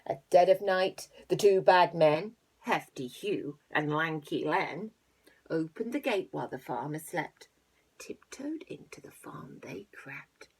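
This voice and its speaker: A teacher reads a picture book aloud to young children, playing up the animal noises and dropping into hushed asides between lines. Her voice is fairly low and husky, animated, and she takes it slowly.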